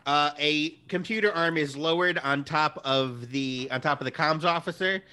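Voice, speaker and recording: A man's voice: a little high, normal speed, pushed and bright, clean tone. A man running a comedic tabletop role-playing game as game master, speaking in a mock-officious way.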